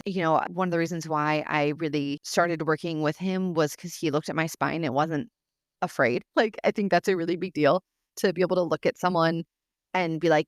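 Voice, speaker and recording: A woman's voice: sits low, smooth, no echo, studio quality. A woman hosting her own podcast, earnestly telling a personal story with many fillers and restarts. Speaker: podcast host.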